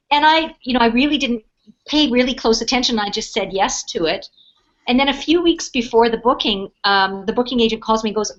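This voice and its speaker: A middle-aged woman speaking on a webinar, telling a personal story in a casual, animated way and acting out the people in it. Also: mid-range voice, fairly quick. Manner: animated storyteller, acts out quoted voices. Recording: dull lo-fi webinar audio.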